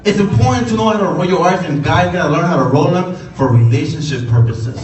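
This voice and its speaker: A man from Puerto Rico with a Puerto Rican accent, doing an energetic stand-up comedy set on a club stage and working the crowd. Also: on the high side, fast. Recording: echoey room, distant, crowd noise. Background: laughing crowd.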